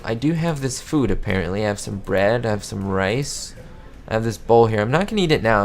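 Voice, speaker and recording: A man giving excitable, easily amazed commentary as he plays a video game. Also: lowish voice, a little hiss or hum. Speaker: gamer.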